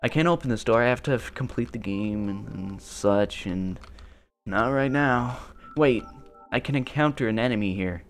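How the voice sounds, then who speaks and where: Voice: medium pitch, moderate pace. A gamer rambling through let's play commentary in a goofy, self-amused way. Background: game music.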